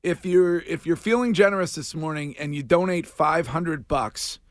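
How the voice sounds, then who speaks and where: A man's voice: fairly high pitch, normal speed, no room sound, studio quality. A man hosting a morning radio show, chatting casually and jokily with lots of restarts. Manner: chatty, jokey, trailing fillers and restarts. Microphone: studio microphone.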